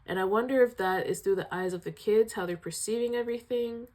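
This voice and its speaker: A woman giving a casual video review of a film. She retells scenes in an animated, emotional way, sighing often. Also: medium pitch, a little fast.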